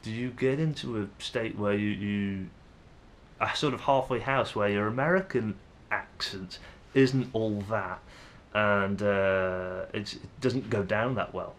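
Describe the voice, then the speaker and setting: Hesitant English man, lowish voice. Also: unhurried. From England. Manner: hesitant, rambling, many fillers and restarts. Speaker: vlogger. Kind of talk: casual musing to camera.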